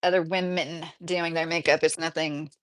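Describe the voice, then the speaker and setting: A chatty woman streamer in her thirties talks at a normal speed in a low-pitched, level, slightly bright voice. Streaming casually from inside a mobile home, she reads comments aloud and laughs a lot.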